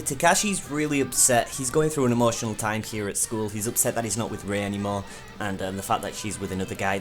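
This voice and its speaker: Chatty young man reviewing anime. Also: mid-range voice. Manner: chatty and enthusiastic, many fillers. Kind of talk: casual video review.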